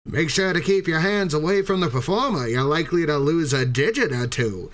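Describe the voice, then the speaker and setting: A man playing an old-time carnival barker, theatrical and booming. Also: fairly quick, close to an everyday voice. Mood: showy.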